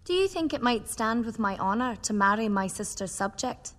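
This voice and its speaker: A woman's voice: on the high side, lively intonation, fairly bright tone. Regal young queen, formal and cool; reverberant film audio. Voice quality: formal, measured.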